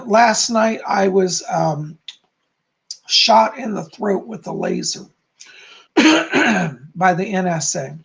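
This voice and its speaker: A man hosting a casual live stream, hoarse and clearing his throat, rambling with many fillers while reading out chat comments. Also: high-pitched, animated, drawn-out words, pauses often, a bit bright. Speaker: live stream host, psychic.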